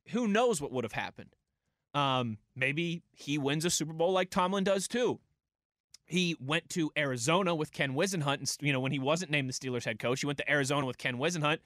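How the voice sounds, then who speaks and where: Male radio host, slightly high voice, dry close studio sound, casual talk. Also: fairly bright tone, no echo. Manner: conversational, reads listener tweets aloud.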